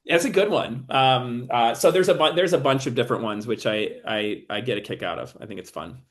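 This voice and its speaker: A man's voice: mid-range voice, a little fast. A man being interviewed as a TV writer and producer, talking casually and often stopping and restarting while he thinks.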